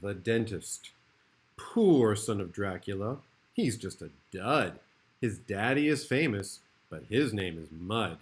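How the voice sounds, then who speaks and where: A man's voice: lowish voice, lively intonation, takes it slowly, slightly rough. A male kindergarten teacher reading a rhyming storybook aloud in a playful, rhythmic way.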